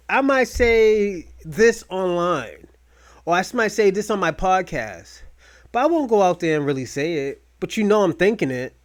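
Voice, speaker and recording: A man hosting a podcast, talking in loud, rambling, mocking rants full of profanity. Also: sits high. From United States. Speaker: podcast host. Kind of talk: profane casual commentary.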